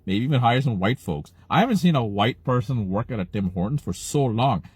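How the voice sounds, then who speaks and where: A man's voice: medium pitch, sing-song, moderate pace, few pauses, slightly rough, dry recording. Indignant man ranting. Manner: indignant, repetitive, blunt. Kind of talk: ranting vlog.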